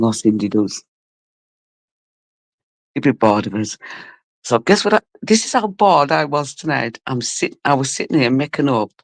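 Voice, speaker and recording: A woman from Cumbria, hosting a casual live stream. Her voice is low and rough, and she chats bluntly, swears and laughs a lot while greeting viewers. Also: a little mellow, no room sound. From Cumbria, England. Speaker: livestream host.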